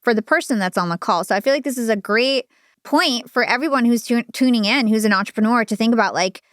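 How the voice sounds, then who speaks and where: A woman's voice: fairly high pitch, quick pace, fairly bright tone, no room sound, clean studio sound. A woman podcast host thinking aloud in a reflective, casual way, with frequent "like" fillers. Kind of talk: casual interview chat.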